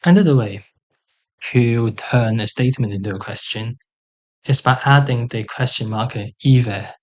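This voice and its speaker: A man teaching a language lesson, sounding out example words slowly and carefully, with pauses and fillers. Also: mid-range voice.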